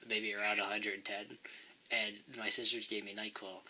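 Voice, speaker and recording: Male host, groggy, rambling, crude; bright, thin tone. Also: lowish voice, flat delivery, normal speed, a little hiss or hum, poor audio. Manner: rambling anecdotes, crude jokes. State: groggy from cold medicine. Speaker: podcast host. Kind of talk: casual late-night chat.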